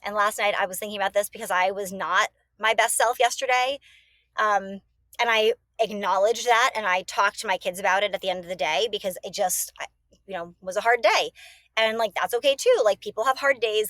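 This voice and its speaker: A woman's voice: mid-range voice, fairly even intonation, fairly quick, a bit bright, no echo. A woman in her thirties, a mother and podcast guest, talking in a reflective, casual way with many fillers and restarts. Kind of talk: casual chat.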